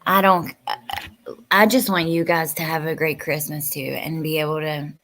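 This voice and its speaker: A woman with a somewhat low voice hosting a live stream. She chats casually and warmly with her viewers, answering their comments one by one. Her talk is emotional and often drops to a soft, near-whispered hush. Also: fairly even intonation, moderate pace. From West Virginia. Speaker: livestream host.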